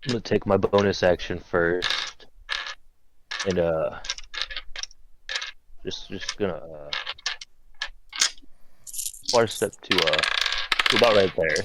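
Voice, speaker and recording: A man's voice: low voice, slow, long pauses, very noisy. A man playing a tabletop game, hesitant and careful about the rules. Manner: hesitant, rules-minded, many fillers. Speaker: player.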